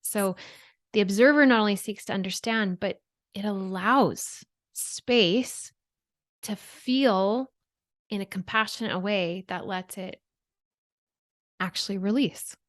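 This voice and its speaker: A woman's voice: medium pitch, takes it slowly, long pauses, no room sound. Woman guest on a podcast, earnest, keeps saying right?, dry close sound. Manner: earnest, explanatory, often adds "right?". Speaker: guest expert. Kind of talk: podcast interview.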